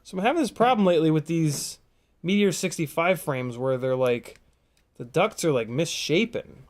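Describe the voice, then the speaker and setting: A man's voice: on the high side, lively intonation, normal speed. A man hosting a casual live stream from a home workspace, chatting easily, joking, and reading out viewer comments while he works. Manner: easygoing, jokey, reads out viewer comments.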